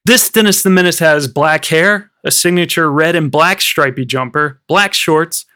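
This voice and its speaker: Talking at a moderate pace with a fairly high, pushed, bright voice and clean tone, an American man co-hosts a casual film podcast, recounting film history rambling and full of fillers.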